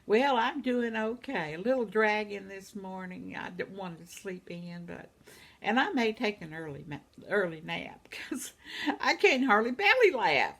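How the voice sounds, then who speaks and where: A woman's voice: a little high, animated, unhurried, a bit bright. A woman in her seventies chatting casually at home, reading out viewer comments and laughing often. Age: 70s. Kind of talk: casual chat.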